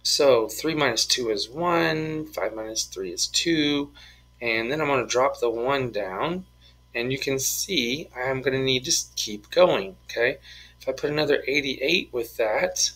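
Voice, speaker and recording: A male math teacher works through problems aloud, step by step, cracking small jokes as he goes. His voice is bright and forward with a slightly husky edge. He sounds easygoing and playful. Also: medium pitch, unhurried, rough recording. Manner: playful, jokey, talks through each step. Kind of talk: screen-recorded math lesson, working problems aloud.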